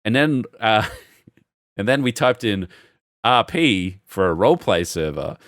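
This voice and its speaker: A man's voice: on the low side, unhurried, no room sound, clean studio sound. A man co-hosting a podcast, telling stories in casual chat, swearing a lot and acting out the quotes. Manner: animated storyteller, acts out quotes, swears a lot. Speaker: podcast co-host.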